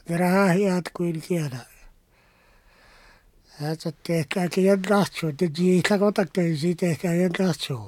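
An older storyteller recounting old times in an unhurried, halting way, now and then dropping English words into another language. The voice sits at a middling pitch and is recorded close and dry, with no room sound. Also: darkish tone, no room sound. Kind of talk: oral history storytelling.

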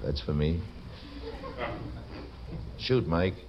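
A very deep-voiced male radio host with a wry, folksy, teasing way of talking. He reads letters and sponsor plugs between jokes. The sound is a dull old broadcast with a faint hiss underneath. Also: lively intonation, drawn-out words. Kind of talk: joking radio patter, reading letters and ads.

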